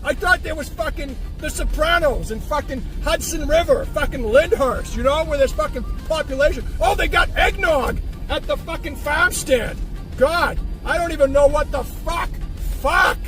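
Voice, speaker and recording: A man's voice: very high voice, normal speed, fairly bright tone, soft background music. A man cutting a brash, profane wrestling promo, mocking his opponent while driving a car. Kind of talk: trash-talking wrestling promo.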